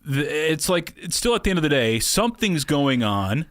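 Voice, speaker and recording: Lively podcast co-host man. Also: fairly high pitch, normal speed, no room sound, studio quality. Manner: animated, rambling with fillers. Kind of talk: casual chat.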